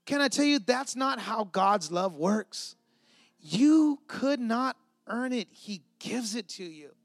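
High-voiced pastor preaching, dry sound. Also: male voice, takes it slowly, creaky, no echo. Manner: lively, conversational preaching with asides to the congregation. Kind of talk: sermon. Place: church.

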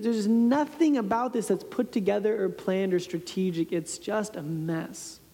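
Speaking in a high, darkish voice with vocal fry, a pastor in his thirties delivers a story-driven sermon. He's conversational and self-deprecating, frequently laughing at himself, and the sound carries the reverb of a large hall.

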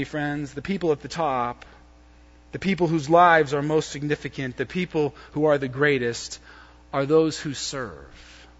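A man preaching a sermon, swinging between loud, emphatic lines and hushed, soft ones. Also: a little high. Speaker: pastor. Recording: dull lo-fi sound with long hall reverb.

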